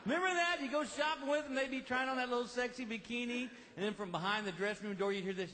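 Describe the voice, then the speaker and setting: A middle-aged man doing a lively stand-up comedy routine, telling stories and acting out quick voices. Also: very high voice. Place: large live venue with audience. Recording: live show with crowd noise.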